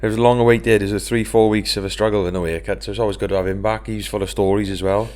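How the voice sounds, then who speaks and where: A man in casual podcast chat, easygoing and quick with banter. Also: lowish voice, flat delivery, darkish tone. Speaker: podcast co-host.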